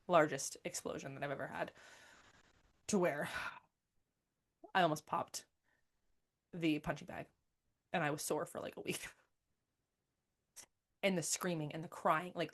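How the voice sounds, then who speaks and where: A woman hosting her own podcast, telling her story in a blunt, emphatic way with plenty of swearing. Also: on the low side. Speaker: podcast host and coach. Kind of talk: candid personal monologue.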